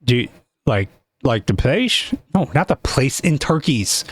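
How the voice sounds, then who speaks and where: A young man hosting a comedic streaming talk show, excitable and joking, stammering as he talks. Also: medium pitch, unhurried, husky, dry recording. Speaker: host.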